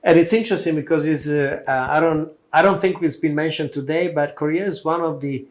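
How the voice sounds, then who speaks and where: A man hosting an interview, talking in a halting way with lots of fillers and restarts. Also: on the high side. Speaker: interview host. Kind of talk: conversational interview.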